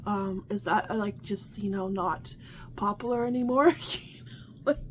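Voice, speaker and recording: Speaking at an unhurried pace in a mid-range voice, this Canadian vlog host leads a relaxed coffee chat. Her talk is chatty and exasperated, full of restarts and frequent laughter, and there's a little background noise.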